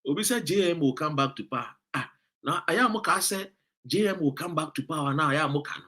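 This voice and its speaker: A Ghanaian man delivers fired-up political commentary in a high, sharp voice with a husky edge. He lectures his listeners, firing rhetorical questions and scolding them as he reads out their comments. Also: animated, fast talker. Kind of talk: impassioned political commentary, reading out viewer comments.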